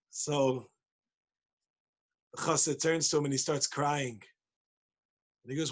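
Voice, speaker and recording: Husky, high-voiced male rabbi, playful daily Torah talk on a video call, acts out the voices in his story. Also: fairly even intonation, a little slow, long pauses. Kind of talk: animated Torah talk with a joke.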